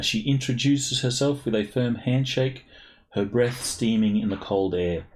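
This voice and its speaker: A man narrates a tabletop game as game master in a low voice and at an unhurried pace. He hesitates often, filling his pauses with ums as he sets the scene.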